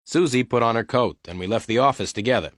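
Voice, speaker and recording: A man giving slow, clear scripted narration of a detective story for English learners. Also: mid-range voice, dry recording, studio quality.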